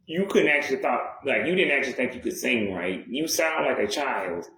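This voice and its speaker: A man's voice: medium pitch, a bit bright. A man ranting bluntly and profanely in casual chat. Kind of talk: casual rant. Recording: echoey room with faint noise.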